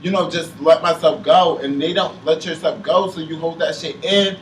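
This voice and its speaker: Young man, emotional casual chat, halting, filler-heavy, roomy distant mic. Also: a little high, fairly even intonation. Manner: heavy use of "like", halting, on the verge of tears. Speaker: panelist. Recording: roomy sound from a distant mic with faint noise.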